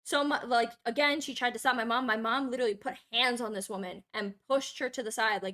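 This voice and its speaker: A young adult woman streamer telling a long personal story in casual, profane, animated chat. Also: a little high, a little fast.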